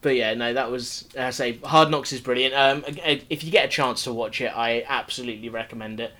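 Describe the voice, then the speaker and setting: A man's voice: medium pitch, fairly quick, pushed and bright. A man chatting casually about American football as a podcast co-host, rambling with many fillers and restarts. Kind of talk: casual sports chat.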